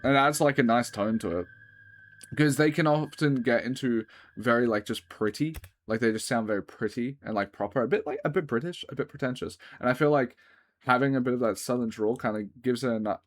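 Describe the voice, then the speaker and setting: A man's voice: medium pitch, a little fast. An Australian man hosting a music reaction, talking casually in a rambling way with lots of filler words and casual swearing. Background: album music playing faintly.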